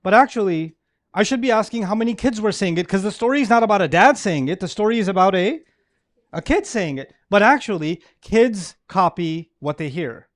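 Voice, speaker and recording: Animated high-voiced man lecturing. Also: brisk, dry recording. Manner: animated, asks the audience questions. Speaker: Islamic lecturer. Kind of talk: lecture to a live audience.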